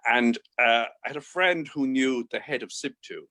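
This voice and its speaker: A man's voice: medium pitch, normal speed. Older Irish man telling anecdotes. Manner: lively anecdotal, acts out quoted dialogue, chuckles often. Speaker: guest. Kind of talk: casual interview storytelling.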